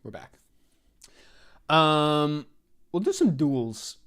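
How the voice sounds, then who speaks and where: A young man talking to himself through a live stream game, his pitch jumping up and down as he grumbles and curses. He answers chat questions in an offhand, casual way. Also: sing-song, drawn-out words, fairly bright tone. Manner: mutters and swears at himself while playing. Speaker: livestreamer.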